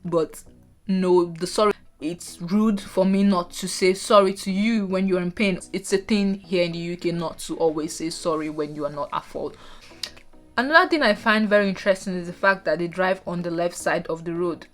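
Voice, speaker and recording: A Nigerian woman vlogging casually, chatting to viewers with animated asides. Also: on the low side, moderate pace, soft background music. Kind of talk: casual talking-head vlog.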